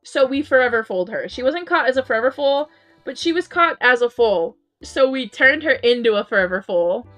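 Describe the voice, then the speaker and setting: A woman's voice: high voice, expressive, fairly quick, a bit bright. Giggly chatty woman streamer. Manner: chatty and giggly, many ums and restarts. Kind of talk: casual live-stream chat reading chat messages. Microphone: headset mic. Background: faint game music.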